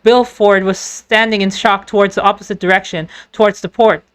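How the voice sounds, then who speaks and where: A woman narrating a game story in a voiced playthrough, telling it in a lively storyteller manner. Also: medium pitch, fairly quick. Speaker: fan dubber narrating a game.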